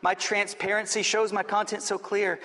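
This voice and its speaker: A man's voice: sits high, flat delivery, normal speed, sharp tone, voice pushed up. A man voicing a proud crystal goblet. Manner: proud, eager to please. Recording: long hall reverb.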